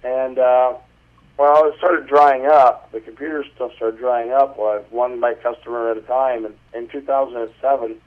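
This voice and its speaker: A man's voice: mid-range voice, fairly even intonation, normal speed. A man who is a guest and pig farmer, telling stories in a rambling, salty, folksy way during a casual phone interview. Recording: tinny phone line.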